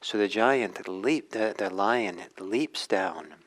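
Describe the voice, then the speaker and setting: Male dharma teacher, storyteller, deep voice, gentle and unhurried. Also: rough recording. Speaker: meditation teacher.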